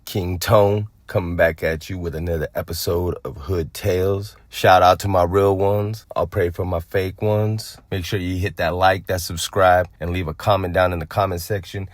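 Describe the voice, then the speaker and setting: A man's voice: low voice, steady tone, moderate pace, hardly any pauses, no room sound, studio quality. A young adult man from Phoenix tells a street story in a casual, profane way and acts out other people's lines. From Phoenix, Arizona. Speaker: storyteller on a vlog channel.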